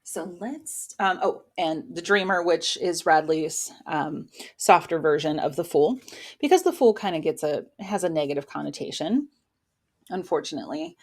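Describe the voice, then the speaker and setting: A woman's voice: low-pitched, animated, normal speed. A woman giving a casual weekly tarot reading into her own microphone, talking in an encouraging, motivational way. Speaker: tarot reader and spiritual coach.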